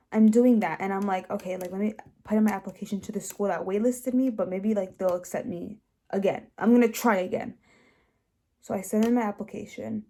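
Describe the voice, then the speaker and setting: Young woman telling her story, emotional and halting, lots of restarts, goes quiet then louder. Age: young adult. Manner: swings between soft low passages and louder rises. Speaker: host. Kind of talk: personal testimony.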